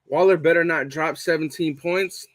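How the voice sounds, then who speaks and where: Young guy cursing through a fan livestream, kinda high voice, dry close sound. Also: steady tone, normal speed, fairly bright tone, dry recording. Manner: heavy swearing, repeats points for emphasis. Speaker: fan show host reading live chat. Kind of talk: casual live-stream chat.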